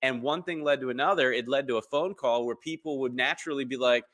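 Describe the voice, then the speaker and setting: A man in his thirties talks as a guest in a relaxed interview. His voice is bright and forward, and he jumps into other people's voices whenever he quotes them. His storytelling is lively and full of ums. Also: mid-range voice, fast, few pauses. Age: 30s. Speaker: podcast guest.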